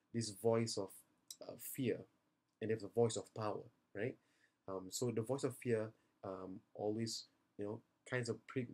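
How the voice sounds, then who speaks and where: A tired young man with a fairly low voice speaks earnestly to parents after a youth seminar. He reassures them in a plain, personal way, full of ums and restarts. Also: darkish tone. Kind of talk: video message to parents.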